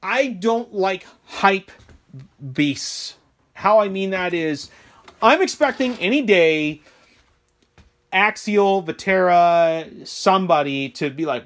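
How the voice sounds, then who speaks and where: A man's voice: high voice, lively intonation, slow, a bit bright. A man, a hobby shop owner, rambling through a casual, self-deprecating product review and often checking in with the listener. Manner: rambling, chatty, self-deprecating, keeps asking okay?.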